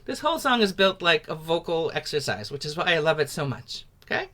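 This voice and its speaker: A woman's voice: deep voice, very animated, fairly quick, fairly bright tone. A woman teaching a folk song in an encouraging, patient and playful way. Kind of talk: leading a sing-along lesson.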